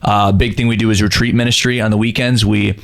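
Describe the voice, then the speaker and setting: A man's voice: lowish voice, level tone, quick pace, creaky, a bit bright. A young man in his twenties, a missionary guest, talking casually and explaining things at length. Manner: easygoing, explains at length with fillers. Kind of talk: casual chat.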